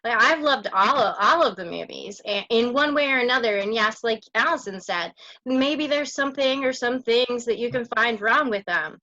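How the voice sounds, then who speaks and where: A woman guests on a casual podcast and tells stories in an animated way. Her voice is bright and fairly high. The video-call audio sounds dull and dry. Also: normal speed, dry recording. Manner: animated, laughing storyteller.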